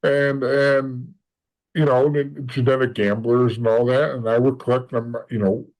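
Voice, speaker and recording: A man's voice: medium pitch, little pitch movement, normal speed, darkish tone, poor audio. Rambling, blunt man telling his story. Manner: rambling, with many restarts and repeated words; blunt and matter-of-fact. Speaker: podcast guest. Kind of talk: casual storytelling interview.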